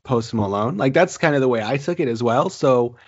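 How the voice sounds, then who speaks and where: A man in casual podcast chat, making a thoughtful point with halting restarts. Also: medium pitch, expressive, lo-fi sound. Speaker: podcast co-host.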